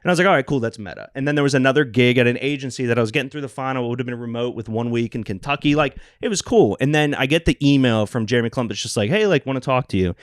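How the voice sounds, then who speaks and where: A young man talking on a podcast, telling stories with lots of energy and jumping into the voices of the people he quotes. He swears casually, and his voice is medium in pitch. It is recorded close up with a dry sound. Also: rapid-fire, hardly any pauses, no echo. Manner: animated storyteller, acts out quotes, swears casually. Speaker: social media producer and podcast regular.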